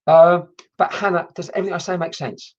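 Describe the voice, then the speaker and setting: A woman's voice: fairly low pitch, steady tone, fairly quick, highs cut off. A woman working as a medium, giving a chatty live-streamed reading and swearing casually as she talks. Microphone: computer mic on a video stream.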